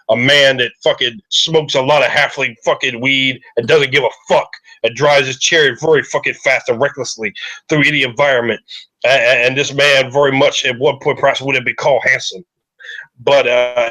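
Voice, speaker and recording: A man narrating a tabletop game as loud, swearing wrestling play-by-play, as game master. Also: medium pitch, rough recording.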